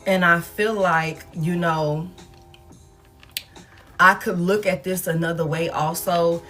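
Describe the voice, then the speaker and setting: Talking straight to her viewers with faint music behind her, a woman gives a casual tarot reading. Her lowish voice is unhurried and a bit bright, and she's chatty and quick to swear.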